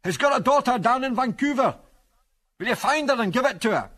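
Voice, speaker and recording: A man's voice: high voice, lively intonation, slow pace, sharp tone, pitched above the performer's own voice, exaggerated voice. A man putting on an old Scottish prospector. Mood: shouting. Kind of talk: audiobook character voice.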